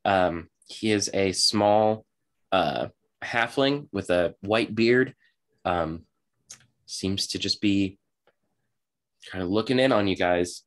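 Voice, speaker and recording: A man narrating as game master, relaxed and halting with many fillers. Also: deep voice.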